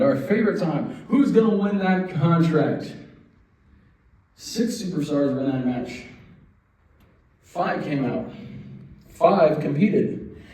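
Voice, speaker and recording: A man's voice: on the high side, dark tone. A young man hosting a wrestling show, ranting in playful mock outrage and then apologizing. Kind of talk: animated solo wrestling commentary. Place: event center room. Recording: very echoey room, mic far off.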